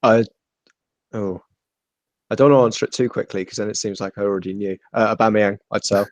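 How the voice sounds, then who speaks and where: A man on a podcast, giving quick, reasoned opinions in casual chat. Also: lowish voice, steady tone, dry recording.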